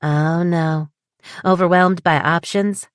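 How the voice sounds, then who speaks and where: Voicing a bubbly, petite southern-drawling wedding planner who's eager to please, a woman sounds cheerful, upbeat and chatty. She speaks slowly in a lowish voice with fairly even intonation, captured in clean studio sound with no room sound.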